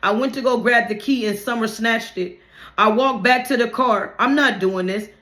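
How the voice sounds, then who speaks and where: Woman reading her own life story out loud, chatty, trips over words now and then, echoey room. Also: a little high, moderate pace. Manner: plain conversational reading with restarts and slips. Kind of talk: memoir narration, read aloud.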